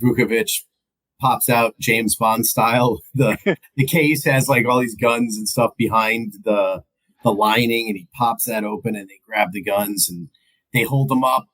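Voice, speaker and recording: A man's voice: mid-range voice, steady tone, a little slow, fairly bright tone, poor audio. A man co-hosting a podcast, casually retelling movie scenes and laughing often. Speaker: podcast co-host. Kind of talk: casual movie recap chat.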